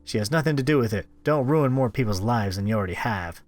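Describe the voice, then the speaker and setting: Male let's-play host, animated narrator, faint music bed. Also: medium pitch, fast talker. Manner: expressive, wry asides. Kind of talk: reading a visual novel aloud.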